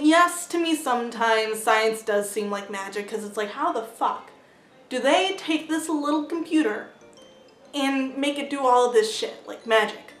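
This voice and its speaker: A woman talks through a book review in a loose, casual vlog style, leaning on "like" and dropping the odd swear word. Her voice sits a little on the high side. The room rings back with a noticeable echo. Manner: chatty, heavy use of "like" fillers; blunt, swears freely. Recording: roomy echo.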